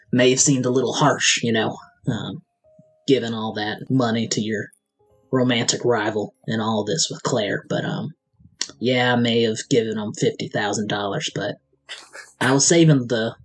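A man voicing an older father in a tabletop game, who speaks in a halting, gentle way. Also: mid-range voice, fairly even intonation, slightly rough, soft background music, rough recording. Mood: fatherly.

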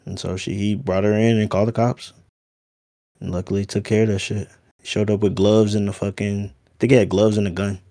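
A man's voice: fairly low pitch, level tone, brisk, mellow. A man in a casual podcast chat, telling stories in laid-back slang and swearing a lot. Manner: laid-back slangy storytelling, heavy profanity.

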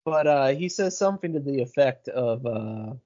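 A man's voice: mid-range voice, expressive, normal speed, dark tone. A man co-hosting a podcast, chatting casually about a comedy film, swearing freely and searching aloud for lines. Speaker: podcast co-host. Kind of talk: casual movie recap chat. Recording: dull lo-fi sound.

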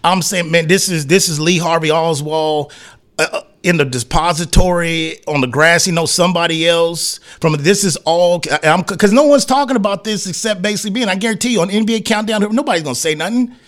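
A sports talk radio host rants in a heated, rambling, slang-heavy way, slipping into mocking voices and acted asides. His voice sits high, a bit bright, and his pace is brisk.

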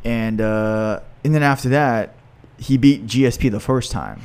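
Man reminiscing in quick bursts. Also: mid-range voice, a little mellow, smooth. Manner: quick short reactions, bursts of fast recollection. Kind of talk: casual chat.

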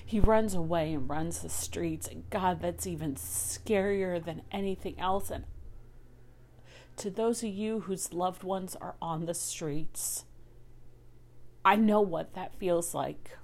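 Slow and fairly low, with a mellow edge, a woman delivers a raw personal monologue about life with a partner who is a recovering alcoholic. Her tone is intimate, dropping to whispers at times and climbing into anguish at others, and she swears freely.

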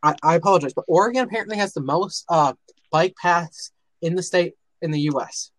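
A man's voice: a little high, brisk, no room sound, low-quality recording. Earnest rambling guy from Minnesota. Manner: earnest, rambling, many restarts. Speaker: chat participant. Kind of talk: casual online voice chat.

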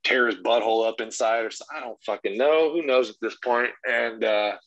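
Profane, animated dad telling a story. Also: male voice, mid-range voice, brisk, no room sound, muffled recording. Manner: profane, animated retelling with voiced quotes. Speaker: podcast guest. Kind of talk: casual storytelling.

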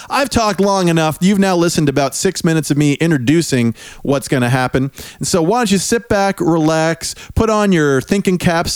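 A man's voice: fairly high pitch, clean tone, no echo, clean studio sound. A man hosting a show, talking casually and directly to his listeners. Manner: relaxed, chatty, addressing listeners. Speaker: podcast host. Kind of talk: casual intro monologue.

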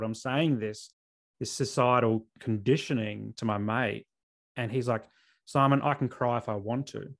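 A man in his thirties from South Australia with an Australian accent, hosting a podcast interview in an earnest, open way with halting restarts. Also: mid-range voice, creaky. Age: 30s. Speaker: podcast host. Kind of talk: casual interview chat.

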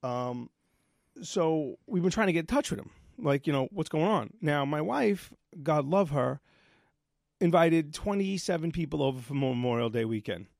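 Gravelly man on the higher side, ranting podcast co-host, dry mic. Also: normal speed, no room sound. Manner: profane, animated storytelling. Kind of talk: casual ranting chat.

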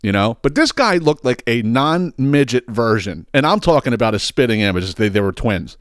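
A man hosting a podcast, telling a long, profane, animated rant full of restarts. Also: mid-range voice, normal speed, clear, resonant tone, no echo, studio quality. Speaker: podcast host. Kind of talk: ranting storytelling.

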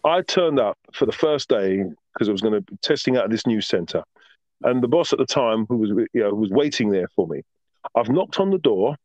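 A man's voice: lowish voice, brisk, dry recording. Emphatic storytelling man, dull dry sound. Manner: animated, emphatic, tags lines with "right?". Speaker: podcast guest. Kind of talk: casual storytelling interview.

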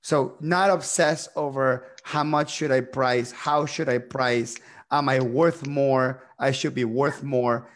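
A man's voice: mid-range voice, fairly even intonation, slow. A man interviewing a guest, asking long searching questions and restating her points.

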